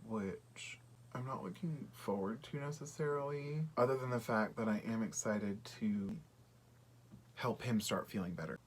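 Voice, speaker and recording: A man chatting casually through a makeup tutorial, often dropping to a soft half-whisper while he works. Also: on the low side, unhurried, a little hiss or hum. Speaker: beauty vlogger.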